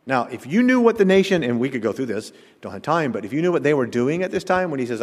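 Man, pastor, sermon, mid pitch, loud to hushed delivery, echoing church hall. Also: sing-song, fast, few pauses. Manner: preaching, swings from loud to hushed.

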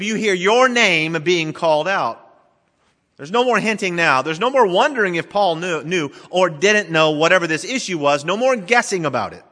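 A middle-aged male pastor preaching a sermon in a church, dramatically swinging between emphatic and hushed delivery. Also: fairly high pitch. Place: church sanctuary. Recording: long reverb of a large church hall.

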